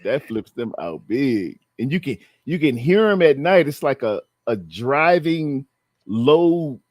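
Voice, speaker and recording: A man's voice: medium pitch, sing-song, takes it slowly, darkish tone, no echo, clean studio sound. A man, hosting a casual chat, telling stories in a drawling, laughing way. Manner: laid-back storyteller, drawling, laughs often. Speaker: host.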